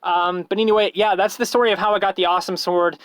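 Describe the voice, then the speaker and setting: A man's voice: sits high, steady tone, quick pace, dry recording. A man telling a rambling, self-mocking story in a casual vlog, full of fillers and restarts.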